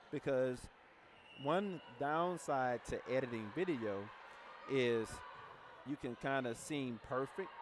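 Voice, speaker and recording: A man's voice: mid-range voice, background noise. Blunt, assertive man leading a team talk. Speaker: team leader. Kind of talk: motivational team training talk.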